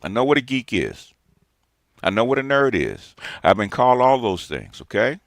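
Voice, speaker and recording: A man's voice: medium pitch, sing-song, normal speed, no echo, studio quality. A man in his sixties gives a ranting, lecturing response monologue as a streamer, emphatic and repeating his points. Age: 60s.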